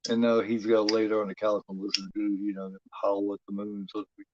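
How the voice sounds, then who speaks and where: A man's voice: fairly low pitch, completely flat delivery, fast talker, a little mellow, dull audio. A man hosting a horror film watch-along, chatting in a rambling, profane way, full of "you know" fillers. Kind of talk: casual live commentary.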